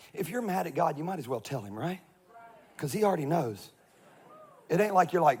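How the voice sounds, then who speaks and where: High husky pastor guy, jokey sermon, goes from quiet to shouting. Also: very animated, fairly quick, pauses often. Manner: humorous preacher, swings from hushed confession to shouted scripture.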